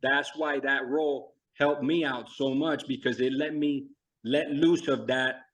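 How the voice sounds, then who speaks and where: A man's voice: medium pitch, fairly even intonation, a little slow, fairly bright tone, poor audio. A middle-aged man, a guest actor, talking earnestly and thoughtfully about his work in a casual interview over a video call. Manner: earnest, self-reflective, acts out quotes.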